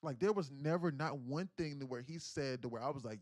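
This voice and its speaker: Man, 30s, livestream rant, profane, emphatic, restarts, mid pitch, dry close sound. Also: brisk, a little mellow, dry recording. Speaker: day trading livestreamer.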